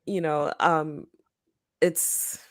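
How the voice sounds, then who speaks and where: Low-voiced woman chatting about books. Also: level tone, no echo, studio quality. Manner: laughs easily, pauses with ums while thinking. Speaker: book club podcast co-host. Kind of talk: casual chat.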